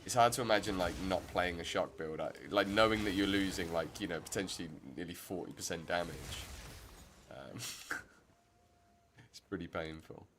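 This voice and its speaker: A man's voice: low-pitched, moderate pace, noisy background. A man giving rambling, chatty commentary while streaming a game. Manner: rambling, self-interrupting, chatty. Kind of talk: casual gameplay commentary.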